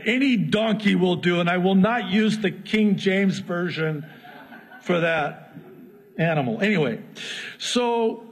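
Husky preacher guy telling a story, lots of hall echo. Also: high voice. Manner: lively storytelling, chuckles, asides. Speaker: pastor. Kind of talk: sermon. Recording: long hall reverb.

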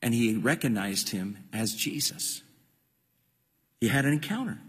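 A man's voice: mid-range voice, animated, measured pace, fairly bright tone, breathy edge, long reverb tail. A man preaching a sermon with impassioned, emphatic delivery, often repeating his words.

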